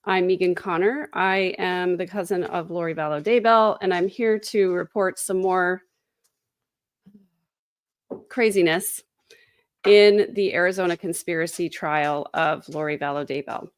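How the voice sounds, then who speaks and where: A woman's voice: on the low side, steady tone, unhurried, smooth, no echo. A woman hosting a casual true crime livestream from home, chatty and sarcastic. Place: home, indoors. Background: dogs.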